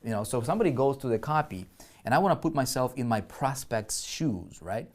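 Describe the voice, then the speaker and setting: A man with an animated, mid-range voice talks fairly quickly while teaching online marketing over a live screen-share. He's chatty, often checking in with "right?" and restarting sentences, and keyboard typing can be heard in the background.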